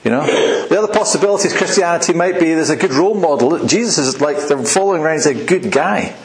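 A man's voice: on the high side, lively intonation, fast talker, reverberant, poor audio. A man preaching a sermon in a church, telling stories in a conversational, rambling way with restarts. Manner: conversational, anecdotal, with frequent restarts and fillers.

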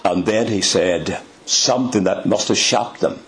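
A man preaching a sermon in a dramatic, emphatic way, with sudden rises in pitch. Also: measured pace, fairly bright tone, slight background noise.

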